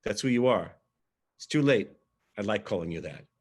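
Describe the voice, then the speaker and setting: A man's voice: fairly low pitch, lively intonation, normal speed, darkish tone, husky. A man voicing an easygoing young soldier buddy. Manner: easygoing and persuasive. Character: friendly confident young male soldier.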